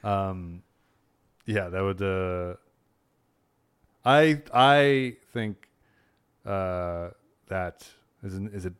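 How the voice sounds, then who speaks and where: A man's voice: low voice, lively intonation, very slow, pauses often, clear, resonant tone. A man who is a comedian, guesting on a podcast in casual chat, joking and hesitating with many fillers.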